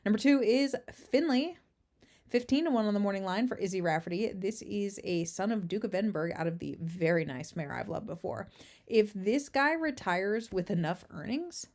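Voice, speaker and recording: A woman hosts a casual livestream race preview from indoors at a relative's house, introducing horses and chatting with viewers in between. She's chatty, addresses the chat directly, and drops asides and laughs. Her voice is mid-range and darkish, and she's using a makeshift setup instead of her usual headset.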